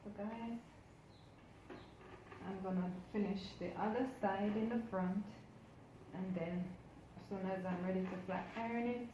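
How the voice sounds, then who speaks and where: A woman's voice: medium pitch, steady tone, measured pace, noisy background. Chatty woman vlogger in an echoey room. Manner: chatty, addresses viewers while working. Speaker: hair vlogger. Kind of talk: casual how-to narration.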